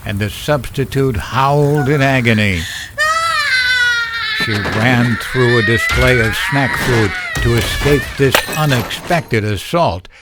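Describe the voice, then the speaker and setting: A man narrating a horror story in a slow, measured storytelling style. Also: mid-range voice, heavy background noise.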